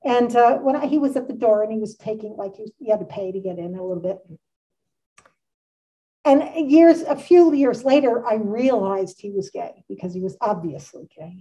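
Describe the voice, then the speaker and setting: A woman's voice: medium pitch, gravelly, dark tone. A woman in her sixties giving a casual art history lecture, chatty and enthusiastic, with frequent asides. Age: 60s. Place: community center meeting room. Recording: distant, dull room recording.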